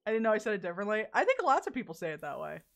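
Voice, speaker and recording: A woman's voice: mid-range voice, huge pitch swings, rapid-fire, vocal fry. A young woman from the American South chatting casually with her stream chat while playing a game, laughing often and swearing freely. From Southern United States.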